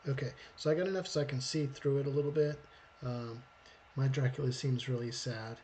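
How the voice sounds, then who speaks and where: A man's voice: medium pitch, fairly even intonation, brisk, darkish tone, slight background noise. A man hosting a live storyboard drawing stream, chatting casually and thinking aloud as he draws.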